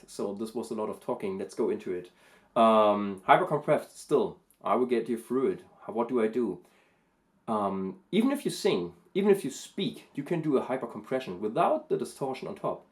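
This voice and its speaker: A man talking through a casual vocal lesson, thoughtful and hesitant, with many pauses and fillers. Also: on the low side, animated. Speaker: vocal coach and vlogger.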